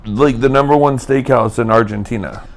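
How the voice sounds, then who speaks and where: A man's voice: mid-range voice, normal speed. A man co-hosting a podcast in easygoing casual chat, recorded in a hotel room. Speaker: podcast co-host.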